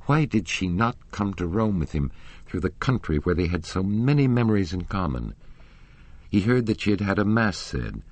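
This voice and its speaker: A man narrating a classic novel as an audiobook, in a measured, expressive storytelling manner. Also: deep voice, no echo.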